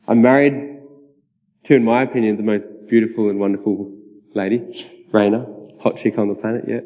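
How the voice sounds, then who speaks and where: A man's voice: on the low side, fairly even intonation, a little slow, pauses often. Aussie guy in his 30s sharing his testimony, laughs a lot, kinda muffled dull recording. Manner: casual and chatty, with many fillers and frequent laughs. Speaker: preacher. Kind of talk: personal testimony sermon. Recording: dull, reverberant hall sound.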